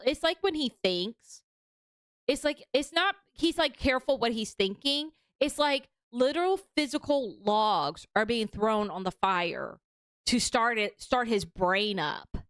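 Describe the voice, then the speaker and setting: A woman's voice: a little high, a bit bright, smooth, no echo. A young woman streaming casual reaction commentary, talking in a chatty, mocking way with lots of fillers.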